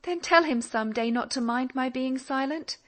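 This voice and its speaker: A woman's voice: high voice, normal speed, pitched above the performer's own voice, close to an everyday voice. A woman voicing an earnest, teasing young woman who pleads with and scolds her father in an audiobook. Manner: lively, pleading and mock-indignant. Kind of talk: audiobook character reading.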